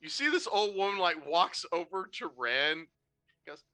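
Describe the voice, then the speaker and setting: A game master narrating a tabletop game in an animated, laughing, loose way. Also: mid-range voice, moderate pace, smooth.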